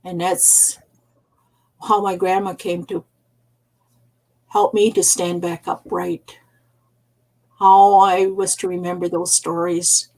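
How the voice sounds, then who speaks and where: An older woman, an elder storyteller, teaching gently in a soft, unhurried way and repeating phrases for emphasis. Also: lowish voice, little pitch movement, creaky, rough recording.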